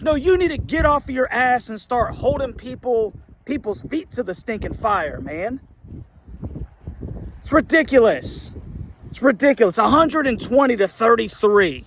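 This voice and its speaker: A man's voice: extremely high pitch, a bit bright. A middle-aged man ranting in a heated, exasperated way as a sports fan commentator, firing off rhetorical questions. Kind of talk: angry fan rant.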